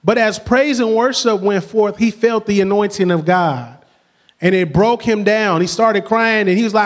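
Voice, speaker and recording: A middle-aged man preaching a sermon, energetic, with frequent call-outs and laughs. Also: high voice, moderate pace. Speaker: pastor.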